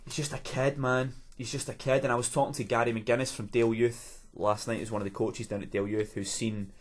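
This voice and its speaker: A man's voice: mid-range voice, level tone, a little fast. A man co-hosting a podcast, explaining his views earnestly in casual chat. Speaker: podcast co-host.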